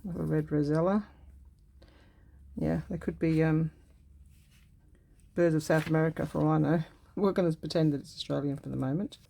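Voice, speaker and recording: A woman vlogger chatting casually as she works on a craft project, thinking aloud in an unhurried way. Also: sits low, steady tone, gravelly, mellow. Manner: musing aloud while cutting and gluing, unhurried and chatty.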